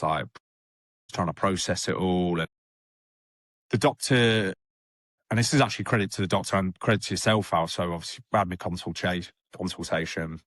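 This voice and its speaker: A young man tells his story plainly and candidly, his voice sitting low. The sound is dry and close, with little room in it. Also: fairly bright tone, no echo. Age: young adult. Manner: candid, plain-spoken, full of fillers. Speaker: rehab client guest. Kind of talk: casual storytelling.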